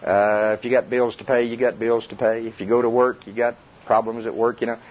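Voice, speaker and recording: A man's voice: mid-range voice, little pitch movement, a little fast. An older man preaching a chuckling, conversational sermon to a congregation. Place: church before a congregation. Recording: dull lo-fi tape with faint hiss.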